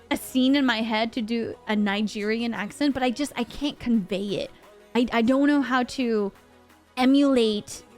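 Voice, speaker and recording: Woman streamer, high-pitched, chatty and animated, faint music underneath. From Bahrain. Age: over 25. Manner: chatty and animated, acting out quoted voices. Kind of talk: casual storytelling to a live chat.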